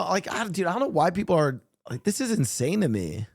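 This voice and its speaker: Male co-streamer, mid pitch, very lively intonation, emphatic and profane, dry sound. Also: a little fast, no room sound. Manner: emphatic, swears a lot. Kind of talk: casual stream chat.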